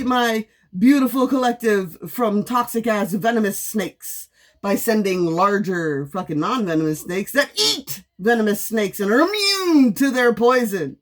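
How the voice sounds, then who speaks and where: Woman tarot reader, fired-up sarcastic rant, a touch higher in pitch than most. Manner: blunt and sarcastic, mocking with bursts of laughter. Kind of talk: heated, profane venting monologue.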